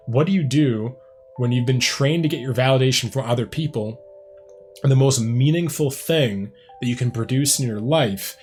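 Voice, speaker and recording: A man hosting a music reaction video, talking in a rambling, reflective way, full of "like" and "um". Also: medium pitch. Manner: rambling and reflective, heavy use of "like" and "um". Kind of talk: casual reaction commentary.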